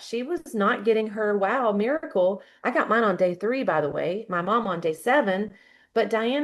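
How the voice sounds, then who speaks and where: A woman in her fifties, a guest speaker giving a fired-up motivational talk full of storytelling. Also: mid-range voice.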